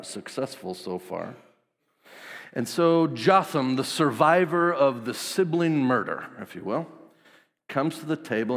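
A man preaching in a casual, jokey, slangy way, retelling a story. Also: medium pitch. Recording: long hall reverb.

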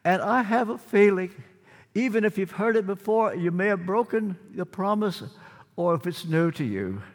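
An older man preaching a sermon, earnest and dramatic, with repetition and long pauses. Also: high-pitched, animated. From United States. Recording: long hall reverb.

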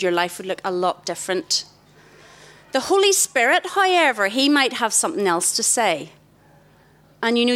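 A middle-aged woman, giving an animated talk to young people in a festival tent and questioning the crowd directly. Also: fairly high pitch. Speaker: youth event speaker. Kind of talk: interactive talk to a young audience. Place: large festival tent, live audience.

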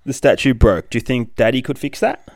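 Reading a comic aloud to his young child, a man with a gravelly, medium-pitched voice speaks a little fast. He's playful and sing-song, with big reactions throughout the animated read-aloud.

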